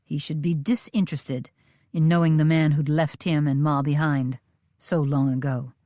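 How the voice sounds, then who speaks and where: A woman reading a western romance audiobook in measured, steady storytelling. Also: low-pitched, no echo, studio quality. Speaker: audiobook narrator. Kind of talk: scripted audiobook narration.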